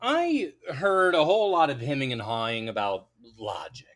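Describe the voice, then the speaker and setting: Dude hamming it up as a movie-trial defense lawyer, bright, bouncy pitch. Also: male voice, wildly swooping pitch, normal speed. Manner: mock-lawyerly, playful, grandiose. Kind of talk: casual podcast debate.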